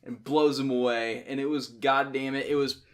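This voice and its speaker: A man's voice: mid-range voice, normal speed. Dude hyping up his fave movie scene, cussing, casual podcast chat. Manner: animated storytelling with swearing. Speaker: podcast co-host.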